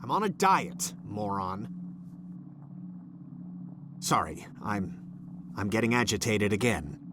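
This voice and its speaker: A man's voice: lowish voice, big pitch swings, takes it slowly. An actor voicing an irritable, bossy male scientist in a video game, snapping insults and then grudgingly apologizing. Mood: apologetic. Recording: game audio with background noise.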